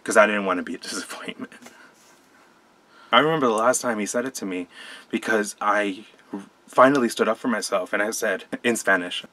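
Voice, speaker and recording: A young man from Colombia telling a personal story to camera, soft-spoken and hesitant, often restarting his sentences. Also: on the low side, a little fast. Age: young adult. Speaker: vlogger. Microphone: camera mic.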